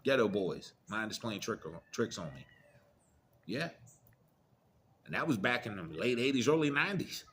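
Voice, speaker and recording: A man's voice: lowish voice, big pitch swings, moderate pace, pauses often, a bit bright, slight background noise. Middle-aged man ranting bluntly. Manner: profane, preachy, blunt warnings. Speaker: commentator. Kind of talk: casual monologue rant.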